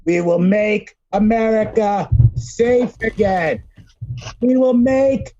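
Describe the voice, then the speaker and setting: A man putting on an impression of a blustering politician making a grandiose rally speech, with repeated slogans and a slow, deliberate delivery. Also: sits high, warm tone, dry recording, lo-fi sound, pitched above the performer's own voice. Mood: pompous.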